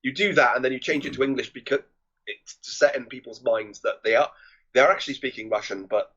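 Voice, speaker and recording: A man's voice: medium pitch, fast, fairly bright tone, lo-fi sound. A man co-hosting a casual film podcast, talking hesitantly and often repeating words. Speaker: podcast co-host.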